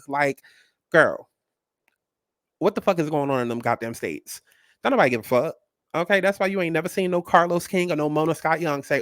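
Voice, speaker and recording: A man hosting a casual commentary vlog, talking in a sassy, animated and blunt way and swearing freely. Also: a little high, fairly quick, long pauses, dry recording, clean studio sound. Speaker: host.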